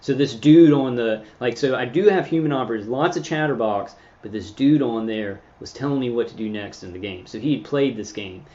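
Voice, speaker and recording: A middle-pitched man hosting a channel reads live chat and rambles casually to his livestream audience in a meandering, halting way full of fillers, false starts, and restarts. The audio is muffled, lo-fi, and dark, with the top end rolled off.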